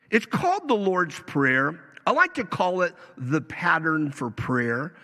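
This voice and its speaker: Animated, bright-voiced preaching man. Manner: emphatic preaching with sharp swings in pitch and pace. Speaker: pastor. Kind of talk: sermon. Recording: preached in a hall with long reverb.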